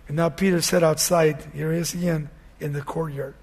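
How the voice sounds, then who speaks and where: A pastor delivering a sermon in a notably high male voice. He retells scripture with animated storytelling and acts out the scenes before sinking into a hushed prayer. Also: normal speed, vocal fry, breathy edge.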